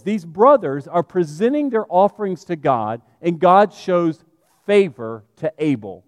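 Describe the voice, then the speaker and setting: A man preaching a sermon, animated and conversational, speaking straight to his congregation. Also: sits high, no room sound, clean studio sound, long reverb tail.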